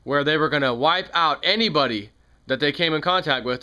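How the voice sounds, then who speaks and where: A man's voice: on the high side, animated, a little fast, bright, forceful tone. A man giving an angry, sarcastic political commentary on his own channel, repeating points with rising heat. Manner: heated, sarcastic, repetitive. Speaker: video commentator.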